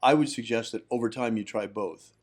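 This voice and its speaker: A man's voice: medium pitch, fairly quick. A man hosting a livestream and giving firm, instructive teaching on ritual practice. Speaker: host, magick teacher.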